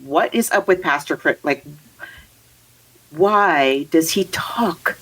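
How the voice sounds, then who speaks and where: A woman in casual conversation, reviewing a movie with a co-host. Her voice sits slightly low, and she rambles with restarts and easy laughter. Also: slow pace, pauses often, a bit bright, rough recording. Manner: chatty, rambling, laughs often. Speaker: podcast co-host.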